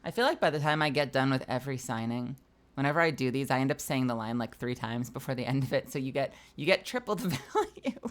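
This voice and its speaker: A woman voice actor chatting casually on a live stream while signing autographs, excitable and chatty, laughing often and swearing freely. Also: extremely low pitch, fast talker.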